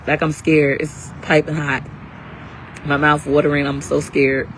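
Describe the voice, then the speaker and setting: A woman's voice: low voice, flat delivery, a little slow, a little hiss or hum, rough recording. A woman selling her class live on her phone outdoors, brash and hyped, talking in slang while a little under the weather. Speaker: live-stream seller and coach. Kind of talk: casual livestream sales talk.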